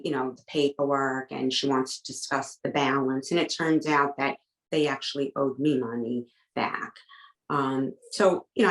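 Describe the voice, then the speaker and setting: A woman's voice: low-pitched, reverberant, rough recording. A woman, a podcast guest, telling a personal story with an urgent, emotional edge and quoting the back-and-forth dialogue. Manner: recounts events with quoted back-and-forth dialogue.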